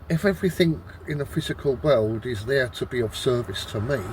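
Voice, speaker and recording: A man's voice: medium pitch, lively intonation, background noise. Exasperated swearing man rambling in woods. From Britain. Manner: exasperated, swears constantly, halting restarts. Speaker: vlogger. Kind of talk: rambling outdoor monologue. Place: woodland outdoors.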